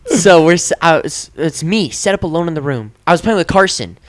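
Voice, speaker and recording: A young man in a lively podcast chat, telling a story and acting out every voice and noise in it. His pitch runs a little high and swings wide, and the sound is dry and close. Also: a little fast, no room sound. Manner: animated, acts out voices and sound effects. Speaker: podcast host.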